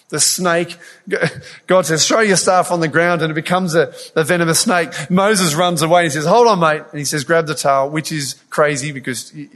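A man preaching a sermon, retelling a scripture story in an earnest, animated way with frequent restarts. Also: fairly high pitch.

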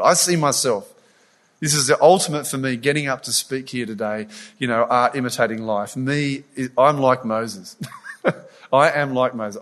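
A man preaching a sermon, retelling a scripture story in an earnest, animated way with frequent restarts. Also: medium pitch, normal speed.

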